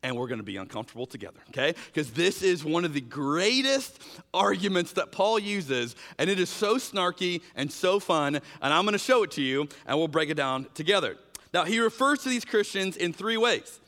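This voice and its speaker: At a normal speed, a man with a voice on the high side preaches as pastor, a long reverb tail trailing his words. He acts out quoted dialogue in animated, shifting voices and talks conversationally, dropping in "like" and "you know."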